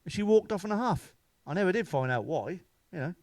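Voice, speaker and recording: Dry recording, brisk delivery: a middle-aged comic spins raunchy, bawdy stories for laughs. His voice is high and expressive, with a darkish tone.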